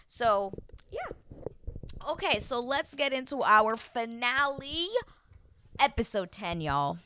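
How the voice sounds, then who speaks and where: Medium-pitched, clear and resonant, a woman talks at a moderate pace as a reality TV recap vlogger. She's chatty and animated, acting out quotes from the show in put-on voices, with no room sound in the recording.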